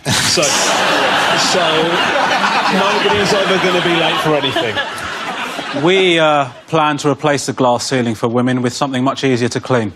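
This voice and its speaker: A man's voice: fairly high pitch, normal speed, noisy background. Ranting man doing stand-up. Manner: ranting, exasperated, rising to indignant shouts. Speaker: comedian panellist. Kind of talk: stand-up comedy routine on a panel show. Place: TV studio with live audience.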